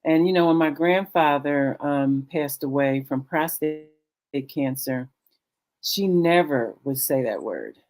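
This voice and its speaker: A middle-aged woman on a video call telling her story with many pauses and fillers, acting out the dialogue she recalls. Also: low-pitched, expressive, darkish tone. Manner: halting, many fillers, acts out quoted dialogue. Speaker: guest sharing her story. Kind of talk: candid conversational storytelling.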